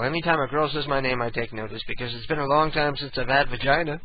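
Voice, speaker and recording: A man hosting a radio show from home, his voice hoarse and strained, rambling loosely and swearing in a self-mocking, meandering way. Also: mid-range voice, fast talker. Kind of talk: casual rambling monologue and call chat. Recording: lo-fi phone-like audio with faint hiss.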